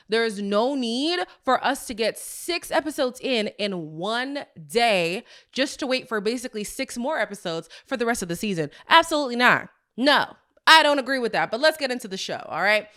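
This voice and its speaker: A woman hosting a podcast, recapping a reality show in a sassy, exasperated, chatty way. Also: a little high. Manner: animated, sassy, exasperated asides. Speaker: podcast host. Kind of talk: casual recap commentary.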